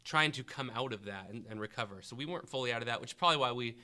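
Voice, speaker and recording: Man, history teacher, podcast host, very bright, encouraging, questioning. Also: medium pitch, racing, smooth. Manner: questioning, encouraging, thinking aloud. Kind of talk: classroom review podcast, quizzing a student.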